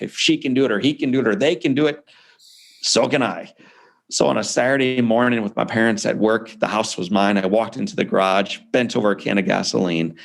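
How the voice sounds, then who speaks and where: A man with a gravelly, somewhat low voice recounts a personal story as an interview guest. He speaks earnestly and from the heart, the way a seasoned speaker tells his own tale.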